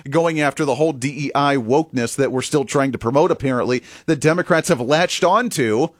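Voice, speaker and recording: A man hosting a political opinion show, animated and mocking, laughing often. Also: medium pitch, fairly quick, no room sound, studio quality. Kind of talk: opinion commentary.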